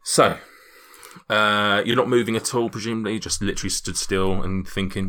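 A man running a tabletop game as game master, chatty and relaxed, with many ums and restarts. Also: on the low side, moderate pace.

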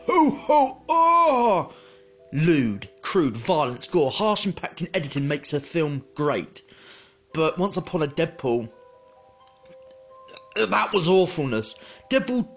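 A male podcast host ranting through a film review, heated and full of swearing. His voice is lively and mid-high. The recording is slightly dull, with faint music underneath.

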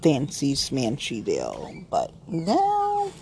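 Low, gravelly woman chatting playfully. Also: huge pitch swings, extremely slow, darkish tone, a little hiss or hum, rough recording. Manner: rambling, playful and frank, heavy use of "like". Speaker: vlogger. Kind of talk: candid casual chat to camera.

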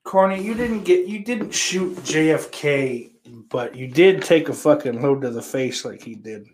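A man's voice: on the high side, expressive, measured pace, a little mellow. Crude sarcastic man chatting to viewers. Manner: crude, sarcastic, rambling with frequent swearing. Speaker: live stream host reading chat. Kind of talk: casual profane chat.

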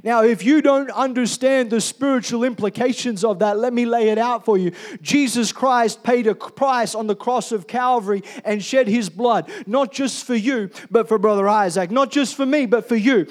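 A male pastor preaching a sermon, swinging from loud emphatic calls to soft, quiet storytelling. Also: extremely high pitch, normal speed, hardly any pauses.

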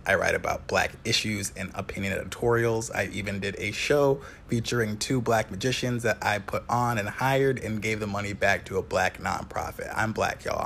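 A man in his twenties from Wisconsin with a Wisconsin accent, hosting a casual solo podcast in an excitable, joking way. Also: fairly low pitch, creaky, a little hiss or hum. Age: 20s. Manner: excitable, jokey, swears casually. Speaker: podcast host.

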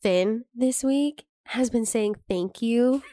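Chatty young woman with a high voice. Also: slow, dark tone, dry recording, clean studio sound. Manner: chatty, swears casually, laughs often. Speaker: podcast co-host. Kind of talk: casual chat.

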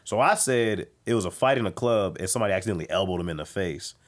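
Animated low-voiced man telling a story. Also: quick pace. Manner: animated, acts out quoted voices. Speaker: guest comedian. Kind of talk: casual storytelling.

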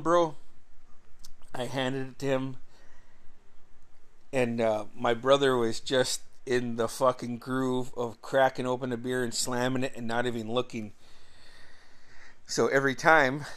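A man's voice: mid-range voice, level tone, measured pace, fairly bright tone. A middle-aged man telling a casual, rambling personal story in a laid-back, profane way, often breaking into chuckles. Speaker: vlogger.

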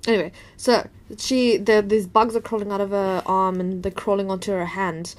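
A woman's voice: medium pitch, flat delivery, moderate pace. A woman in casual chat, recapping a show with a co-host and often quoting characters. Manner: chatty, lots of "like", quotes characters.

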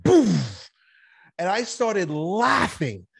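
A man talking as a podcast guest, telling a personal story in a candid, animated way, swearing now and then. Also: on the high side, moderate pace. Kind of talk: casual conversational storytelling.

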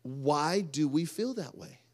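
A man, preaching a sermon and swinging from loud outbursts to quiet asides. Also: fairly high pitch, expressive, takes it slowly. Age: 30s. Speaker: pastor.

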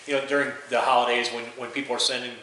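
Host guy, kinda hesitant, lots of uh and restarts, bright tone, super echoey room, faint hiss. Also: mid-range voice, flat delivery, rapid-fire. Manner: hesitant, many fillers and restarts. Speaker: podcast host. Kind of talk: casual chat.

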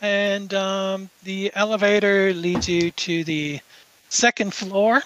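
High, bright-voiced male game master. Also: steady tone, dull audio. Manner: halting, filler-heavy narration. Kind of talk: narrating a tabletop game.

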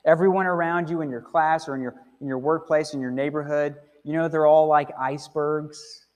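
A man preaches from the pulpit in an easy, conversational way, tossing in little "okay?" and "right?" asides to his listeners. His voice sits a touch higher than most men's, and it rings out with the long tail of a church sanctuary. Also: fairly even intonation, moderate pace. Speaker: pastor. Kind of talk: sermon. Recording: long hall reverb.

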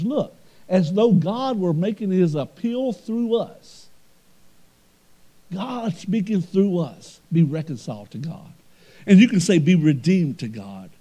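A male pastor preaching a sermon, swinging between emphatic swells and quiet storytelling. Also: on the high side.

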